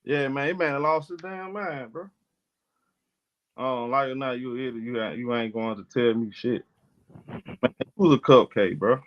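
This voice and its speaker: A man's voice: medium pitch, moderate pace, pauses often. A man hosting a casual livestream chat, talking back at his viewers in a combative, profane way. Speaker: livestream host. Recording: muffled lo-fi stream audio.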